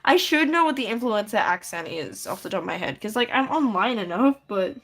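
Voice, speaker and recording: A woman's voice: medium pitch, big pitch swings, fairly quick. A woman chatting casually on a livestream while drawing, rambling with many fillers and easy laughs. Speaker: streamer.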